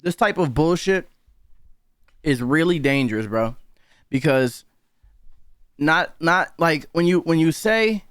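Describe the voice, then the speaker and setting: A man's voice: on the high side, expressive, slow pace, long pauses, a bit bright, smooth, dry recording. Fired-up man, dry close voice. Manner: heated, profane, incredulous. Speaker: reaction commentator. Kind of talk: casual reaction commentary.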